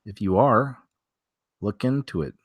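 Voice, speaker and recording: Lowish, dry-voiced man rambling over news. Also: expressive, a little slow, husky, dry recording, dull audio. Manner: rambling, thinks aloud with many fillers and restarts. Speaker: host of a weekly strange-news show. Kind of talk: casual commentary on news stories.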